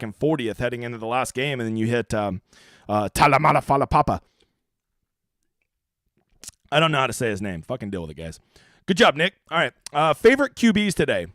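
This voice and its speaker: A man's voice: medium pitch, a bit bright, no room sound, clean studio sound. A man hosting a casual livestream, answering chat with profane jokes and lots of rambling fillers.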